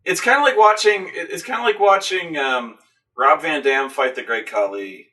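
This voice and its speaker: A man in casual chat, excitable and profane, recapping a film with stammering restarts and acted-out grunts. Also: on the high side, moderate pace. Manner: excitable, acts out scenes with loud grunts and shouts. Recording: voice from a distance from the mic.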